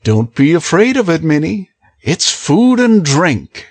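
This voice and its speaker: A woman puts on a secretive young gentleman who coaxes and urges in a lowered voice for this audiobook. He talks very slowly and evenly, pressing each point. The recording is close and dry. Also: sing-song, no echo, heavily acted. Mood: coaxing. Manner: low, slow, urging delivery. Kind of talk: audiobook character voice.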